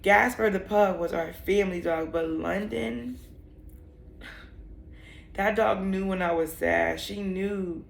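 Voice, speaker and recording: A woman's voice: medium pitch, slow pace, creaky, pauses often, reverberant, slight background noise. A young woman telling a personal story in a vlog, candid and emotional, rambling with many fillers. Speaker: vlogger.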